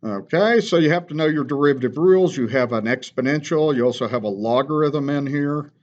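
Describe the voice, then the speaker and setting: A man's voice: mid-range voice, fairly quick, lo-fi sound. A man teaching a math class, patiently walking through steps and checking in with "okay?". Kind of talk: classroom lecture.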